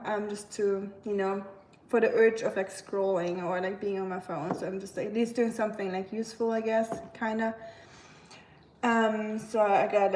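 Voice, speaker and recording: A woman's voice: medium pitch, a little mellow. A woman live streamer chatting casually with her viewers, rambling and using lots of filler words. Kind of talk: casual livestream chat.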